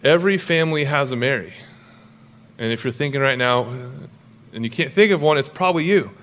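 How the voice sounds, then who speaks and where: A young man preaching a sermon as pastor, animated and jokey, with quick storytelling asides. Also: medium pitch, long reverb tail.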